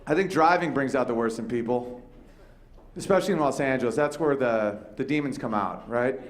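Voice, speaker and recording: A man's voice: medium pitch, fairly quick, a little hiss or hum. A man hosting a comedy chat show, telling a story with lots of swearing and acted-out voices. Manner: animated storytelling, acts out quoted voices, swears freely. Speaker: podcast host and comedian.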